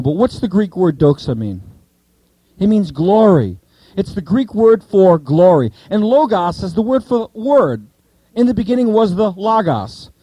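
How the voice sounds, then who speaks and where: A man teaching a Bible study to a group, asking the listeners questions and repeating key points slowly. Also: high voice, dark tone, dry recording, low-quality recording.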